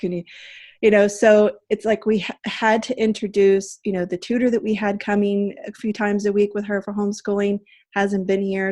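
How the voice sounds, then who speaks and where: A woman's voice: mid-range voice, a little mellow. A woman in her thirties hosting a casual video chat, talking in an earnest, chatty way with frequent fillers. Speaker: host.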